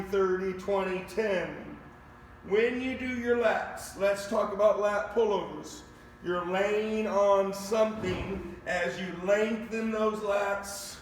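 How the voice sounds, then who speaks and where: High-ish voiced guy coaching a workout from his garage, slow and pumped up, echoey. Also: slight background noise. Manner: energetic, counts reps aloud, talks straight to viewers. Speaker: fitness coach. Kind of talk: live online workout instruction. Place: garage home gym. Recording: echoey room with faint ambience.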